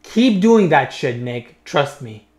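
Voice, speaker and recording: A man's voice: fairly high pitch, sing-song, slow, darkish tone, echoey room, soft background music. A young man giving reaction commentary as a YouTuber, mocking, incredulous and sweary.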